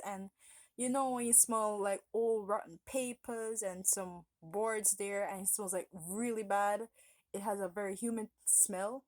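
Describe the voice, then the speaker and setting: A woman's voice: mid-range voice, darkish tone, no room sound. A woman vlogger telling a personal story in a casual, rambling way, often stopping to correct herself.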